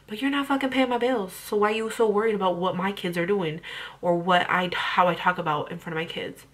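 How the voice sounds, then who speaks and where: A woman's voice: mid-range voice, steady tone, brisk. A young woman ranting bluntly about parenting on her vlog, heated and full of swearing. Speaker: parenting vlogger.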